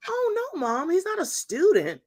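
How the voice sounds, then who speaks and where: A woman's voice: extremely high pitch, wildly swooping pitch, moderate pace, a little mellow, voice pushed up, full character voice. A woman voicing her upset young adult daughter, who pleads with her mom in a whiny, insistent way. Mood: pleading.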